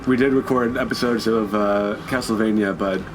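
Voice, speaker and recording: A man casually commenting on a game he is playing, wry and quick to laugh. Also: lowish voice, fairly even intonation. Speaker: let's play commentator.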